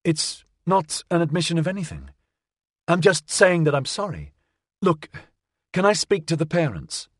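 A man reading an audiobook, voicing a defiant woman scientist who turns sharp and shaken under questioning. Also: on the high side, big pitch swings, normal speed, breathy edge, no echo, studio quality, pitched above the performer's own voice, full character voice. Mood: faltering.

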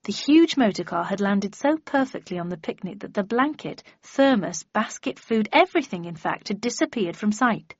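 A woman's voice: medium pitch, lively intonation, moderate pace, few pauses, slightly rough, dry recording. A woman reading a first-person novel aloud in a dry, wry storytelling manner. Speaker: audiobook narrator. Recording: dull lo-fi dry recording.

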